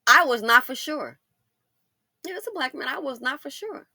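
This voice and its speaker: A woman's voice: sits high, animated, moderate pace, dry recording. A middle-aged woman, telling stories in a casual commentary monologue, laughing and addressing the ladies directly. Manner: laughs and breaks into loud exclamations. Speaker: commentary channel host.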